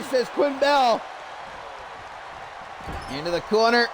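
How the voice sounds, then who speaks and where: A man calling a wrestling match as play-by-play commentator, loud and animated, shouting over the action. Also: high voice, unhurried, a crowd in the background, background noise.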